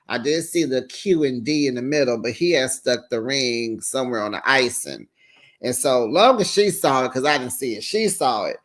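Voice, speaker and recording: Sassy, chatty Bay recap host. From San Francisco Bay Area. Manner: chatty and sassy, with big pitch jumps. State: tired. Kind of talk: casual recap commentary.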